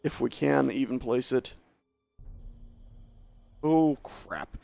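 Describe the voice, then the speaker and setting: Soft background music plays under a dry recording of a man casually commenting on the building game he's streaming. His medium-pitched voice is animated yet slow, a little mellow, with vocal fry, and he chats to himself and mocks his own moves.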